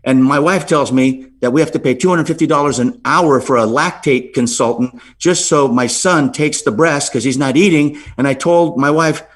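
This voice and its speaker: A middle-aged man, a podcast guest, telling a story with lively swings in pitch and frequent "right?" asides. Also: moderate pace, few pauses.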